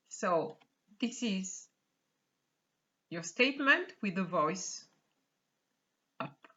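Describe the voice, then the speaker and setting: Slow, bright-voiced woman teaching a language. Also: medium pitch, expressive, muffled recording. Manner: slow, careful, repeats and quizzes the viewer. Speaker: French teacher. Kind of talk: online language lesson.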